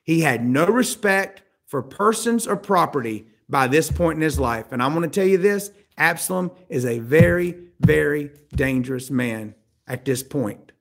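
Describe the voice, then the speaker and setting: A man's voice: on the high side, animated, moderate pace. A man preaching a sermon, asking the listeners questions and acting out the voices of the people in the story. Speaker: pastor.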